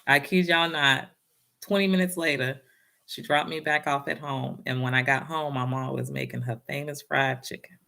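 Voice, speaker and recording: A woman's voice: rumbling low, steady tone, normal speed, vocal fry, sharp tone. A woman giving a casual motivational talk and telling a personal story, speaking in a down-home way and often addressing her listeners directly.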